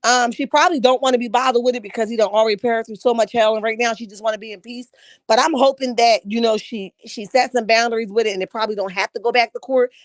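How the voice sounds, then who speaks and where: Woman livestream host, sassy and emphatic, fairly high voice, dry close mic. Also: fairly even intonation, fast, dry recording. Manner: sassy, emphatic, talks back to chat. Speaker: livestream host reading chat. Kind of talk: casual livestream commentary.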